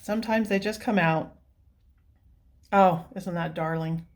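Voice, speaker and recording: A woman's voice: on the low side, a little slow, darkish tone. A woman hosting a coloring vlog, talking in a casual, gushing way and laughing often while teary and emotional. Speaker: coloring channel host.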